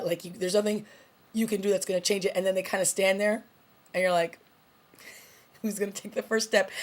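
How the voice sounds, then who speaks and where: A woman hosting her own TV review channel, casually recapping an episode and quoting its characters with a laugh. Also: medium pitch. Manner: chatty, recaps scenes with quoted lines and laughs. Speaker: TV review host.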